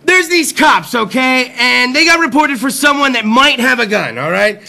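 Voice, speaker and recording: Man, comedy talk show host, high voice, lively swooping delivery, bright tone, profane animated storytelling. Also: normal speed, vocal fry. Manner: animated, profane, acts out characters.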